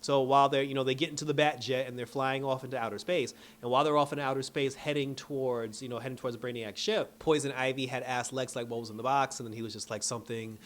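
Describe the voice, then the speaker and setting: A man's voice: mid-range voice, fairly even intonation, quick pace, hardly any pauses, a bit bright. A man casually recapping a TV episode, telling it like a story and acting out the characters' lines with bursts of laughter. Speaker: show reviewer.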